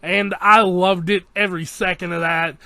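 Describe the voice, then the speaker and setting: Excitable male anime reviewer, high bright voice, dry close sound, swears and re-enacts scenes. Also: normal speed, vocal fry, no room sound. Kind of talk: casual episode recap.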